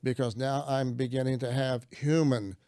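A man's voice: medium pitch, level tone, moderate pace, warm tone, no echo, clean studio sound. An older man, a minister, telling a personal faith story in conversation, earnest and acting out his own prayers. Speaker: guest minister.

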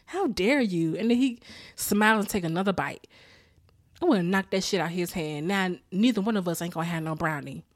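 Speaking briskly in a lowish voice, a woman recaps a sitcom on her podcast, profane, animated and quick to laugh, though a little worn out after a rough weekend. The recording is clean studio sound with no room noise.

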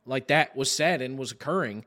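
A man's voice: medium pitch, normal speed. A man hosting a podcast, telling a long story in casual chat, rambling and cursing freely with many fillers as he acts out what others said. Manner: rambling and heavy on profanity, with lots of "like" fillers; animated, re-enacts others in quoted asides. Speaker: podcast host.

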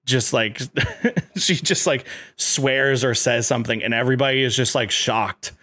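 A man in casual chat, rambling excitedly and leaning on filler words as he talks. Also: mid-range voice, unhurried, no echo, studio quality.

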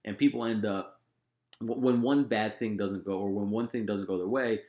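Casting: young male podcast host, low voice, easygoing chat, echoey room. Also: steady tone, normal speed, a little mellow. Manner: laid-back, many fillers and restarts. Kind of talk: casual conversation.

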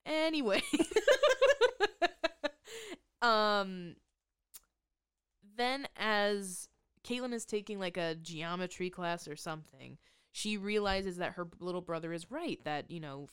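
A woman's voice: fairly low pitch, fairly bright tone, clear, resonant tone, no echo, studio quality. A woman co-hosting a podcast, recapping a movie in casual chat with sarcastic, swearing asides. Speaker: podcast co-host.

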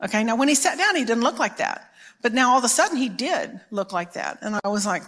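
A woman's voice: a little high, expressive, fairly quick, fairly bright tone. A middle-aged woman from Texas, giving a storytelling sermon at a conference in a chatty, self-mocking way with frequent restarts. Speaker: conference preacher.

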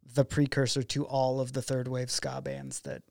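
A man's voice: mid-range voice, moderate pace, creaky, dry recording, clean studio sound. A man, a documentary filmmaker guest, chatting casually in an interview and acting out the dialogue in his stories. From Oregon. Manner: animated storyteller who acts out quoted dialogue.

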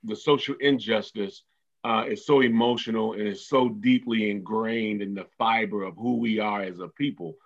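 Earnest male guest, halting and repetitive, slightly muffled lo-fi audio. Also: fairly low pitch, fairly even intonation. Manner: earnest, repeats words, many fillers. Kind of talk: conversational interview.

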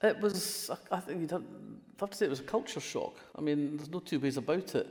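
Brisk and low, with a slightly mellow quality, an older woman from Fife talks in her Scottish accent as a guest on an interview. The crime writer trades wry stories, frequently starting sentences over, in a room with a long, echoing hall sound.

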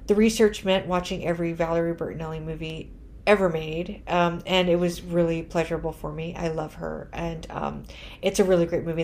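A woman's voice: fairly low pitch, a little hiss or hum. A woman hosting a podcast in casual chat, tired and punch-drunk, rambling and laughing at herself. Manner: rambling, self-deprecating, laughing often. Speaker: podcast host.

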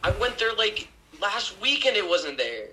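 A teenage boy chatting on a podcast in an animated, slangy way. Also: high-pitched, measured pace, a little hiss or hum. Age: teens. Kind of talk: casual chat.

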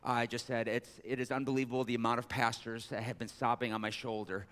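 A man's voice: little pitch movement, quick pace, fairly bright tone. A man preaching a sermon as pastor, joking with the congregation between scripture readings. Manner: jokey asides, reads scripture with raised pitch. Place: large church sanctuary. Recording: long hall reverb.

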